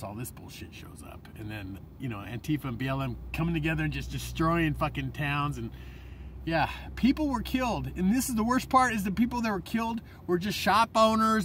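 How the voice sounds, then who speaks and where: A man delivering a profane, rambling vlog rant, swinging between loud outbursts and low mutters. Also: a little hiss or hum. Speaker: vlogger. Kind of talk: ranting monologue.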